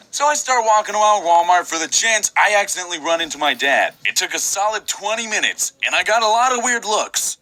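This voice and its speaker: A young man with a high, bright, very lively voice tells funny stories on himself, jumping to loud outbursts. The sound is close and dry. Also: a little fast, dry recording, poor audio. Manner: animated, self-mocking, bursts into shouting. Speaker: animation vlogger. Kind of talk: comic storytime narration.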